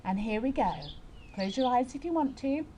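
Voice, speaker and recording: A woman's voice: sits high, animated, normal speed, heavy background noise. Playful woman leading kids' yoga. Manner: playful, encouraging, storytelling. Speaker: children's yoga teacher. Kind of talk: guided children's yoga class.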